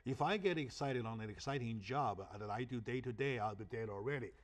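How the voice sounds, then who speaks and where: A man's voice: mid-range voice, a little fast. Host role: man, Chinese native speaker, punchy rhetorical delivery, keeps asking "right?". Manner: emphatic, asks rhetorical questions, frequent "right?". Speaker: talk show host. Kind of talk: animated interview talk.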